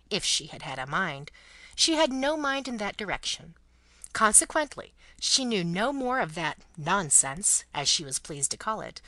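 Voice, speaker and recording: Lively woman narrating a classic novel. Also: mid-range voice, no echo. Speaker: audiobook narrator.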